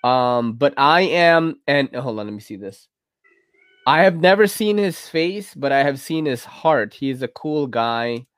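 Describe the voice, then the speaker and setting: A man's voice: mid-range voice, animated, unhurried, a bit bright, clear, resonant tone, dry recording, clean studio sound. A man hosting a podcast while drunk, rambling casually between laughs and curses. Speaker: podcast host.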